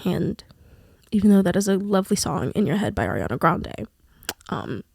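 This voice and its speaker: A woman's voice: mid-range voice, very animated, moderate pace, gravelly, a little mellow, slightly rough, dry recording, studio quality. Candid young woman rambling emotionally. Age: young adult. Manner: candid, rambling, filler-heavy. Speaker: vlogger. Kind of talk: confessional vlog.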